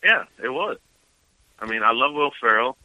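A man's voice: mid-range voice, animated, moderate pace, pushed and bright, no room sound, muffled recording. A man chatting on a podcast as its regular movie reviewer, laid-back and casually swearing, laughing often.

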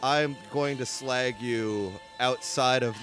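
Taking it slowly, a man with a medium-pitched, fairly bright voice and fairly even intonation hosts a podcast in an indoor bar. His casual bar-room chat rambles with lots of fillers, and faint music plays behind him.

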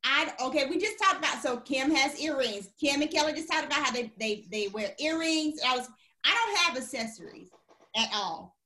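A woman co-hosting a podcast, chatting casually and animatedly with quick restarts. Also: sits high, lively intonation, sharp tone, echoey room. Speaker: podcast co-host. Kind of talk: casual chat.

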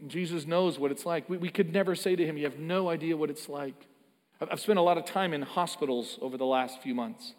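A man's voice: a little high, brisk. A man preaching a sermon, earnest and emphatic, often repeating words as he builds a point. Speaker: pastor. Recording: long hall reverb.

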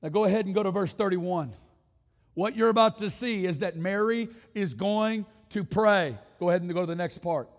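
High-voiced guy preaching a fired-up sermon, lots of repeating buildups, long church hall echo. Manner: impassioned, repetitive rhetorical build-ups, directs congregation to respond. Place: church sanctuary.

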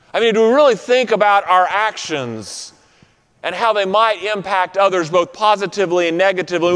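A pastor preaching a sermon to his congregation, with a rhythmic, repetitive preaching cadence that slows on key phrases. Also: sits high. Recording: long reverb of a large room.

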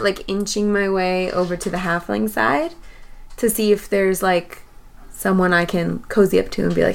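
A woman playing a tabletop role-playing game, talking in an animated, joking way with quick asides. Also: medium pitch, creaky. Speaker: player.

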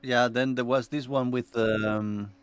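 A man reminiscing about a music workshop in a measured, reflective way with some hesitations. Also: mid-range voice, steady tone, clean tone. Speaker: musician recalling past workshop. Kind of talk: casual conversational reminiscing.

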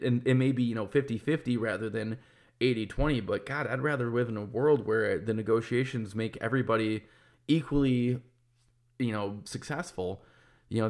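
Candid, swearing man musing aloud. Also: mid-range voice. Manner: candid, swears freely, rambling restarts. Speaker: podcast host and business owner. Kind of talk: casual monologue.

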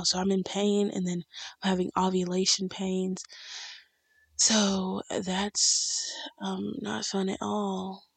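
Young woman vlogger, husky and gravelly, chatty rambler. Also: medium pitch, no room sound. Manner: rambling, chatty, with many fillers and restarts. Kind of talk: casual chat to camera.

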